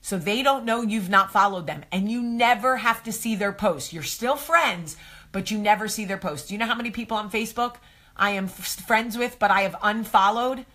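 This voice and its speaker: A woman's voice: mid-range voice, pushed and bright. A woman hosting a live advice chat, talking straight to viewers, chatty and effusive as she answers their comments. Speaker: host of a live advice show. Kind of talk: casual live-stream chat.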